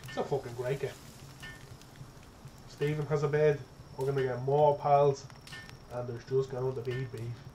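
A young man giving casual let's-play commentary, excitable and profane, chattering to his in-game pet as he plays. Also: medium pitch, unhurried, long pauses, slight background noise. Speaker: gaming streamer.

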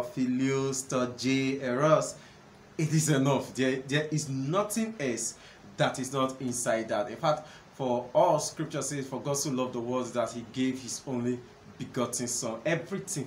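A man hosting a solo talk on relationships, earnest and conversational, often pausing with fillers. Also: medium pitch. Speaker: host, counselor. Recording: echoey room with faint background noise.

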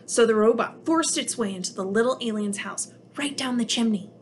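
A woman who teaches preschool, reading a picture book aloud to young children with expressive storytelling. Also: a little high, brisk, a little hiss or hum.

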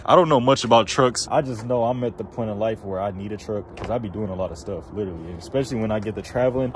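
Brief: young male car vlogger, deep-ish, loose slang, traffic noise around. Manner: slangy, profane, laid-back. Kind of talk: casual vlog while driving. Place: in and around a pickup truck, outdoors.

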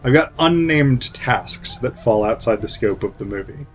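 A man's voice: medium pitch, lively intonation, normal speed, dull audio, faint music behind, natural voice. A man voicing an offhand older male vampire hunter in a casual, evasive way.

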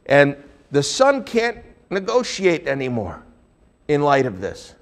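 A male pastor preaching a sermon, telling a Bible story with lively swings between hushed and loud delivery. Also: on the high side, slow, creaky.

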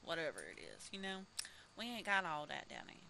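A woman streamer talks her way through a ghost-hunting game. She is chatty and easily startled, her pitch swings widely, and now and then she drops to a whisper. Steady game noise sits clearly behind her voice. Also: fairly quick, rough recording. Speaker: gaming streamer. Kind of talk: casual gameplay commentary.

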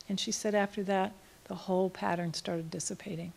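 A woman speaking at a conference in an auditorium, telling a case story and reading quotes with feeling, going soft and slow at the tender lines. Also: mid-range voice, fairly even intonation, creaky, husky.

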